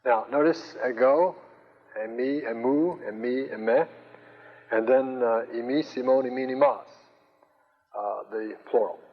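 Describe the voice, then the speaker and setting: Man lecturing on Greek grammar, patient and halting, in a lo-fi recording with long reverb. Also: medium pitch. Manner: slow, patient, hesitant with many fillers. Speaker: Greek teacher.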